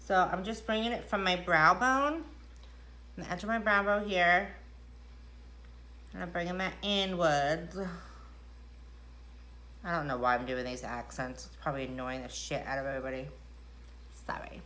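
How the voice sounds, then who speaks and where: A middle-aged woman talks through her makeup routine at home, rambling and poking fun at herself. Her voice is bright and forceful, a little low for a woman, with a faint hum of room noise behind her. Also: moderate pace, long pauses. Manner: chatty, self-deprecating, rambling asides. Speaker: makeup vlogger. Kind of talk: casual makeup tutorial chat. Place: indoors at home.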